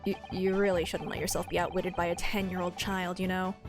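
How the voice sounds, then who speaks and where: A woman's voice: on the low side, level tone, fairly quick, few pauses, soft background music. A woman streamer giving chatty, giggly commentary while playing a game.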